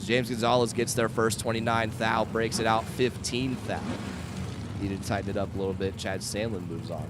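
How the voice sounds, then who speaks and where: A man calling drag races outdoors at the track in a steady, matter-of-fact way. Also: fairly low pitch, moderate pace, heavy background noise. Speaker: drag race announcer. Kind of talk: live race commentary. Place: outdoors at a racetrack.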